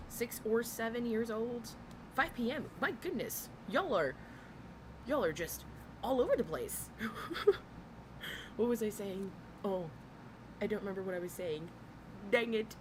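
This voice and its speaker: With a mid-range voice, a reaction streamer in her 30s greets her live audience in easygoing chat, frequently laughing. Background noise is present, including the hum of an air conditioner in the room at home.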